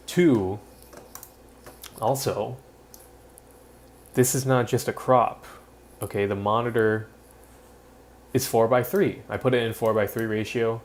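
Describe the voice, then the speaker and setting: Guy streaming from home, kinda low voice, scratchy throat, mumbles while messing w his audio, faint hiss on a cheap mic. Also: a little mellow. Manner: distracted, mumbling while fiddling with audio settings. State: throat rough, clearing it often. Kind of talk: casual live-stream chat. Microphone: built-in webcam or laptop mic.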